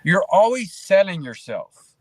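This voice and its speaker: A man in casual podcast conversation as a guest, talking in an animated, preachy way and acting out quoted voices. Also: high-pitched, measured pace.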